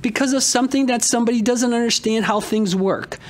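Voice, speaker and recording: A man, a town commissioner, asking a rambling, halting question full of fillers at a public meeting. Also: extremely high pitch.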